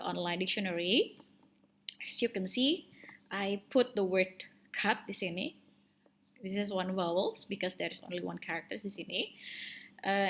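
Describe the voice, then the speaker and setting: A woman's voice: mid-range voice, a bit bright. Indonesian woman teaching English pronunciation. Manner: mixes Indonesian into English, hesitant fillers, drawn-out model words. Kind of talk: online pronunciation lesson.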